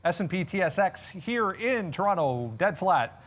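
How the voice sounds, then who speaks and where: A man co-hosting a trading show, walking through the markets in a measured, methodical rundown. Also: high-pitched, sing-song, a bit bright. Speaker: market analyst co-host. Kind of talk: market recap commentary.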